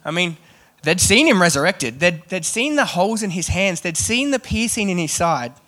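A man preaching a sermon, reading scripture and then talking it through in a chatty, animated way with joking asides. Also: high-pitched, normal speed.

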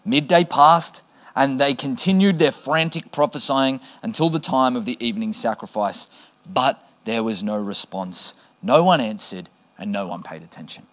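Male preacher, mid pitch, reads scripture casually and jokes with the congregation. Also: normal speed, a bit bright. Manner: casual, joking asides to the congregation. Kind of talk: sermon, reading scripture aloud.

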